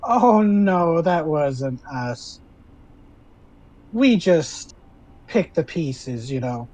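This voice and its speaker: Man putting on sly old sea hags, sweetly sinister, a bit high. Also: lively intonation, drawn-out words, a little mellow, heavily acted, low-quality recording. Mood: coy.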